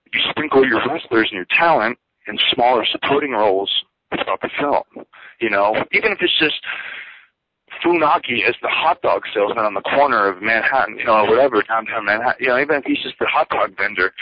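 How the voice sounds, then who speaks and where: A man's voice: fairly low pitch, husky, dry recording. A former pro wrestler, a man, giving a candid, rambling account of his career as an interview guest. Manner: rambling, many fillers and asides. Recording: dull dry lo-fi audio.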